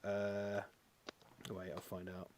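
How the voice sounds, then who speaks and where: A man's voice: fairly low pitch, monotone, takes it slowly, darkish tone, no room sound. A young British man co-hosting a casual chat, rambling, swearing and mocking himself. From Britain. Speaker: podcast co-host.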